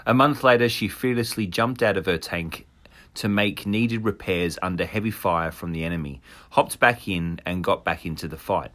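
Male podcast host, lower pitch, reading a story in a casual chat. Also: normal speed, fairly bright tone. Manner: reads narration with laughs and asides.

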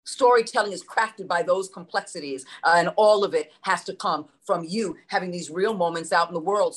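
Middle-aged New York woman with a lowish voice, coaching voice actors in an emphatic, punchy manner. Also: fairly bright tone. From New York City. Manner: emphatic, rhetorical questions, repetition, swears. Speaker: voice acting coach. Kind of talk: motivational talk.

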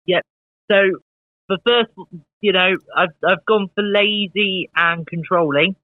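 A man co-hosting a podcast who talks in a measured way and explains things step by step. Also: high-pitched, steady tone, no echo. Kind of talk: casual chat. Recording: dull lo-fi dry sound.

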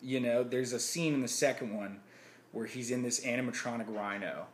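A man in loose podcast conversation, full of stories and sudden loud impressions. His voice sits at a middle pitch. The room around him rings with echo. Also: fairly quick, a little hiss or hum. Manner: animated storyteller, acts out loud impressions. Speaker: podcast guest. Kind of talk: casual podcast chat.

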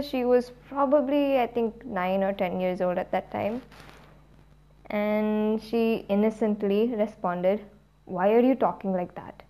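A woman's voice: medium pitch, darkish tone. A young woman in her late teens hosting a podcast, telling a self-deprecating story in a chatty way with many fillers. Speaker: podcast host. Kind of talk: casual storytelling monologue.

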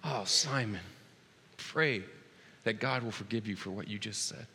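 A man in his thirties preaching a sermon as pastor, earnest, dropping to a hush and then rising loud and excited. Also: lowish voice, measured pace, gravelly, slightly rough. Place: church sanctuary. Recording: long hall reverb.

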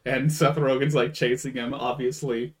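A man co-hosting a relaxed podcast chat, recapping a film scene by scene. His voice sits in an ordinary middle pitch, and he keeps breaking into loud, animated impressions of the characters. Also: moderate pace. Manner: animated, acts out quotes in raised voices. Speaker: podcast co-host. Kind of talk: casual chat, retelling a movie.

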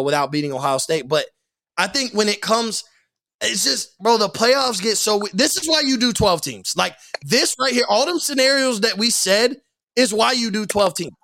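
Young male podcast guest, high and bright, animated and casual in sports chat. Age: young adult. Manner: animated, repeats himself, says "like" and "bro" a lot.

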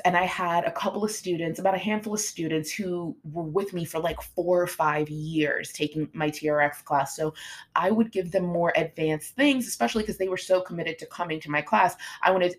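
A woman fitness coach, middle-aged, with a slightly low voice. She talks in a casual, motivational way and acts out what her students said to her. The tone is animated and chatty. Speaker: fitness coach and podcast host.

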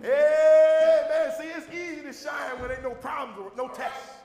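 High-pitched shouting preacher in a hall. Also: male voice, steady tone, unhurried, gravelly, a faint crowd. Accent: Southern American. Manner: preaching with rising shouts, repeating refrains. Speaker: pastor. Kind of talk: sermon. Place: church sanctuary with congregation. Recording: echoey hall recording. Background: congregation responses.

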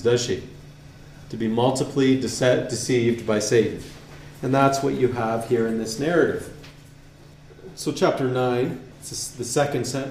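A man's voice: mid-range voice, darkish tone. Guy lecturing on a podcast, reads a passage then chats about it, asks questions back at you, echoey room, bit of hiss. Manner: reads quotes aloud, then comments conversationally with rhetorical questions. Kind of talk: lecture-style podcast reading and commentary. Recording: roomy echo, faint ambience.

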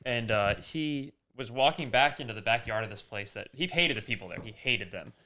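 Young guy on a podcast rambling thru a funny work story, mid pitch, jumps up when quoting people. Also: expressive, brisk, sharp tone, slight background noise. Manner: storytelling, acts out quoted lines with jumps in pitch. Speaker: podcast host. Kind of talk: casual chat.

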